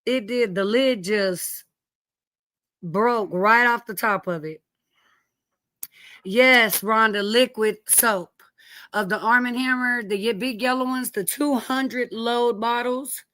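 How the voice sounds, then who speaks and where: A woman's voice: fairly high pitch, takes it slowly, bright, forceful tone, no room sound. A middle-aged woman hosting a casual live stream from home, greeting viewers by name, sniffly from allergies and cursing lightly as she chats.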